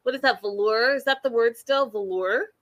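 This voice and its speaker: A woman hosting a casual recap chat over a video call, animated and talking straight to her co-host. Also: fairly high pitch, normal speed. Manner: animated, acts out quotes, addresses co-host by name. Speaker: podcast host.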